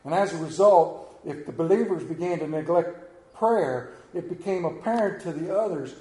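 Pastor, man, high-pitched and mellow, preaches with swelling emphasis; roomy church sound. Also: moderate pace. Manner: storytelling preacher, rising and falling emphasis. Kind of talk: sermon.

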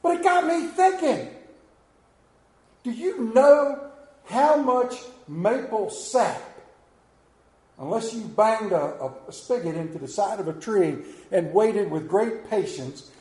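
Middle-aged Appalachian pastor, high-pitched man, joking folksy sermon, roomy church echo. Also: expressive, takes it slowly, darkish tone. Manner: folksy, joking storyteller who questions the congregation. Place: church sanctuary.

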